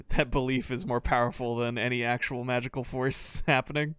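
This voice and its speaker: A man's voice: medium pitch, fairly even intonation, normal speed, fairly bright tone, smooth, no echo. A man commenting on a story game, rambling and laughing with casual swearing. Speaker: let's play host. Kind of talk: game commentary and reading aloud.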